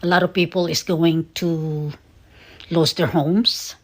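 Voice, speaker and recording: An American woman speaks to her viewers in a low, slow voice. She sounds sad and earnest, stumbling through fillers and seeming near tears. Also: level tone. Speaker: vlogger. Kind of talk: casual emotional monologue to viewers.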